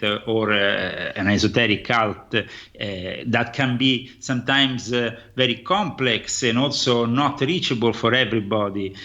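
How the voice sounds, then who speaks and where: A man with an Italian accent, a guest on a radio interview, speaking slowly with many hesitations and fillers. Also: medium pitch, sharp tone, muffled recording. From Italy. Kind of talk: phone-in interview.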